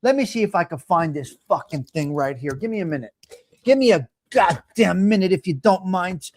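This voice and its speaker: Brief: New man in his late fifties, high-pitched for a man, loud profane live-stream host who rants and addresses his viewers directly. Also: animated, moderate pace. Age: 50s. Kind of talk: casual chat to live chat viewers.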